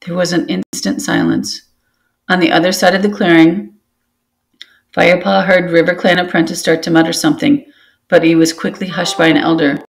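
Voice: mid-range voice, creaky. A book club reader reading a novel aloud steadily, with occasional restarts after slips.

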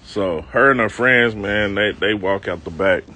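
His voice is fairly low, bright and forceful, and he speaks a little slowly. Outdoors on a city street, this comedic vlogger spins a loose, slangy tale about himself for a live stream, mocking himself in asides to those watching.

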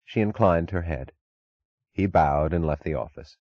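A man narrating an audiobook in a measured, even reading. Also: low voice, no room sound, dull audio. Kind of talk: scripted narration.

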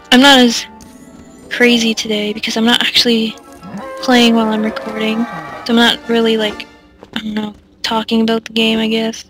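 A woman with a fairly high voice gives casual let's-play commentary, rambling off topic, mocking herself, giggling, and filling gaps with "uh" and "like." Her delivery is completely flat, and soft game music plays faintly beneath her.

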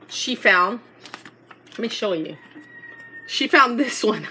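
A woman's voice: fairly high pitch, expressive, a little slow, long pauses, pushed and bright, a little hiss or hum. A middle-aged woman, chatting and gushing as she shows a store haul in a casual vlog. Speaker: haul vlogger.

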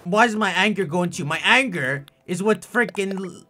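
A young man giving casual gameplay commentary, ranting in an animated, theatrically angry way. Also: sits high, normal speed. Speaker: gaming YouTuber. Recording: faint music behind.

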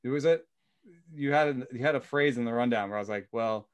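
A man's voice: medium pitch, fast, no room sound. A man co-hosting a podcast, rambling casually about baseball with many "um"s and "uh"s. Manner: rambling, heavy on "um" and "uh", jokey. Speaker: podcast co-host.

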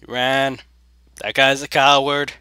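A man giving excitable gaming commentary at a close desk mic, jumping between loud yelps and sneaky whispers. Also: mid-range voice, slow pace, clear, resonant tone, no room sound. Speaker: gaming video host.

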